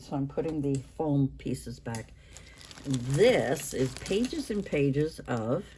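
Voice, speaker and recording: A woman in her sixties hosting a craft vlog, talking in a rambling, halting way with many restarts. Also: sits low, darkish tone, slight background noise. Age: 60s. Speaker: craft channel host. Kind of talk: casual show-and-tell vlog.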